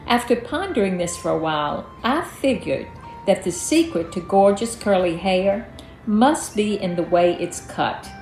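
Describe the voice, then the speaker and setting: A woman's voice: mid-range voice, lively intonation, measured pace, a little mellow. A woman reading her own memoir aloud in a folksy storytelling manner. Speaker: storyteller, author. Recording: echoey room, faint music.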